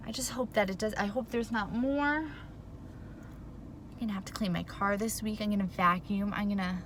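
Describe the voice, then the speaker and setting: A flustered woman rambles through a casual storytime vlog from her car, her voice bright and a little sharp. She is still worked up and fills every pause with "like." A faint background hum sits under her talk. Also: mid-range voice. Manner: animated, rambling, says "like" a lot. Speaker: vlogger.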